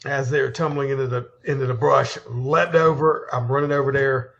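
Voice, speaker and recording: A man's voice: medium pitch, fairly even intonation, moderate pace, gravelly, fairly bright tone, highs cut off. A man playing a tabletop game, describing his character's actions eagerly, with stumbling restarts. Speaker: player.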